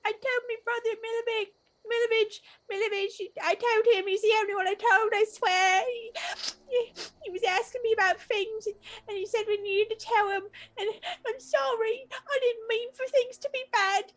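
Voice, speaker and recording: A woman game master voicing a terrified young boy who is crying as he apologizes, his voice high and wavering. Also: fairly even intonation, normal speed. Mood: sobbing, panicked. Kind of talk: tabletop role-play voicing.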